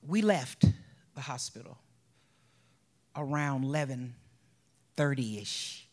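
A woman, a bereaved mother, telling her personal testimony in an emotional way, often sinking to a soft whisper. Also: a bass voice, lively intonation, takes it slowly. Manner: emotional, drops to soft whispers, breaks into laughs.

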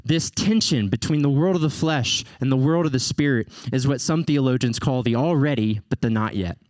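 Male pastor, animated sermon delivery with playful asides, mid-pitched voice, dry close-miked sound. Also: moderate pace, no room sound. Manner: animated, playful asides, rising to emphatic peaks.

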